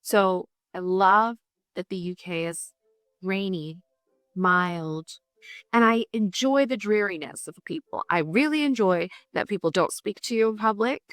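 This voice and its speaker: A woman's voice: medium pitch, measured pace, a bit bright, dry recording, studio quality, faint music behind. A woman with a Canadian accent speaking in a TV documentary interview, chatty and wry. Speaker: guest on a family history TV show.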